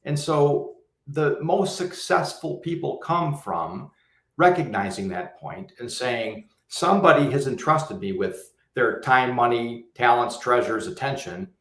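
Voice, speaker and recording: A man from the US Midwest, a guest on a livestream panel, talking in a measured, articulate way and explaining at length. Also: mid-range voice, animated, a bit bright, echoey room.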